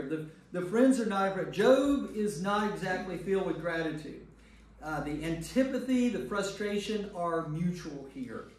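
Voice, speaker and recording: A man's voice: a little high, a little hiss or hum. A priest leading a Bible study, teaching in a conversational way, repeating words and checking in with his class. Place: church meeting room. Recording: very echoey room, distant mic.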